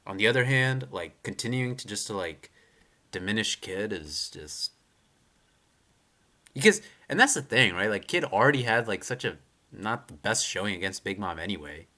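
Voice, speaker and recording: A young man reacts live to a manga chapter in a casual, opinionated rant, swearing and rambling with constant fillers like "like" and "you know," plus frequent restarts. His voice is lowish, pushed and bright, with lively intonation at normal speed.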